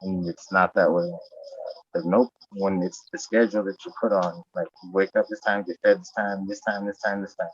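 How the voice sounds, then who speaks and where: A man's voice: deep voice, steady tone, moderate pace, breathy edge, no echo. A man in casual podcast chat, profane and rambling, raising his voice when he acts out what he said. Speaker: podcast host. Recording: dull lo-fi sound.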